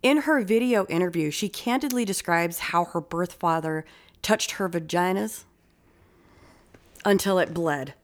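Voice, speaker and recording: A woman hosting a true-crime podcast, talking casually with frequent swearing and quick bursts of speech. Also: fairly low pitch. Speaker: podcast host.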